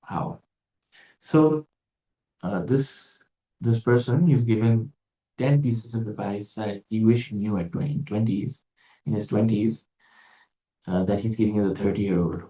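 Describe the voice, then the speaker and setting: A man with a low, mellow voice gives a casual religious talk, thinking aloud and slipping in dry, sarcastic remarks. He sits back from the microphone, and the room adds a noticeable echo. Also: unhurried, pauses often. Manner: musing, digressive, with wry sarcastic asides. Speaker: religious teacher. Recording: roomy echo, distant from mic.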